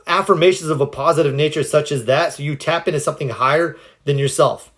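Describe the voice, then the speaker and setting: A man's voice: fairly high pitch, quick pace, few pauses, a bit bright. A man giving earnest, encouraging self-help advice on a phone livestream, answering viewers' questions, his voice a little cracked. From United States. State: slightly cracked voice.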